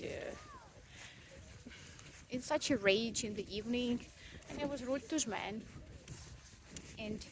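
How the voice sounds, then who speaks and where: A young mother, a young adult vlogger with a voice on the high side, vents in a casual, rambling vlog. She's frank and self-mocking, swearing often and using lots of fillers. Background noise can be heard.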